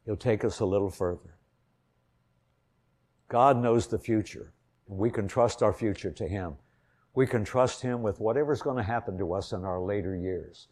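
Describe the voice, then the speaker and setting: An older man from Indiana preaching an earnest sermon, telling a personal story and swelling louder on key points. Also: on the low side, normal speed.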